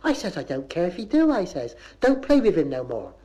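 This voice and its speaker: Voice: mid-range voice, wildly swooping pitch, fairly quick, mellow. A comic performer voicing a rambling Bristol housewife and mum who keeps scolding her dog, on a 1970s comedy record. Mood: indignant.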